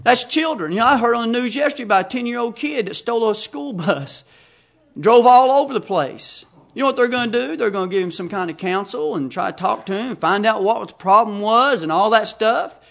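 A preacher from the United States giving an emphatic sermon, reading scripture aloud and telling stories. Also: male voice, high voice, lively intonation, fairly quick, vocal fry, fairly bright tone. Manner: emphatic, reads scripture aloud and tells anecdotes.

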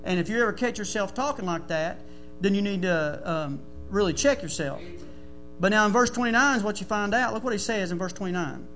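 A male pastor, preaching a folksy sermon that builds into shouting. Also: sits high, fairly quick, faint music behind.

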